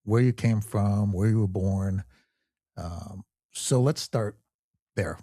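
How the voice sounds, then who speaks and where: Guy hosting a podcast, real low and dark voice, relaxed folksy chat, dry close mic. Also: slow pace, dry recording. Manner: easygoing, folksy, with fillers. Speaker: podcast host. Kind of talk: casual interview chat.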